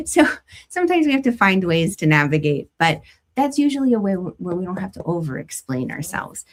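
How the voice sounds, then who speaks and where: A woman's voice: mid-range voice, very animated, normal speed. A woman reading tarot cards and giving a weekly spiritual forecast, chatting casually with playful stories and asides.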